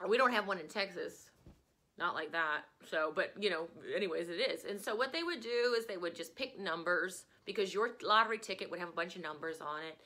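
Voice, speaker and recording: A woman's voice: on the low side, brisk, bright, forceful tone. A woman teacher from Louisiana giving a chatty, digressive lecture in a casual way.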